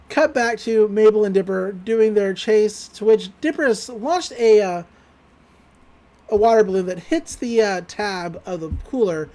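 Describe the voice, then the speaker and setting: Casual podcast co-host, chatty and loose, recapping plot with fillers and quick laughs. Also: medium pitch, darkish tone. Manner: rambling, quotes characters with "he's like"; frequent fillers, laughs while recounting. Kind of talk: casual chat.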